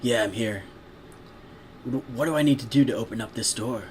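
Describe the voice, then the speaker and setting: A gentle, reassuring stallion in a read-aloud story, voiced by a man close to his own voice. He speaks softly and quietly, keeping it calm. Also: mid-range voice, normal speed, a little hiss or hum, natural voice. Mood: plain. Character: gentle, reassuring adult male pegasus stallion.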